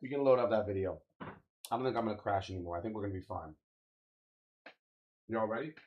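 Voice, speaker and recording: A young man chatting casually on a live stream, slangy and swearing, venting about lag and reacting with drawn-out "wow"s. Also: on the low side, dull audio. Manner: loose, slangy, swears often, exclaims "wow" a lot; frustrated, ranting about lag.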